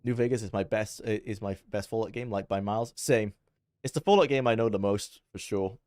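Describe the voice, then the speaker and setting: Low-voiced Welsh man streaming games. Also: darkish tone, no room sound. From Wales. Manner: chatty, barks quick orders at his squad. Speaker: livestreamer. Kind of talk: live gameplay commentary.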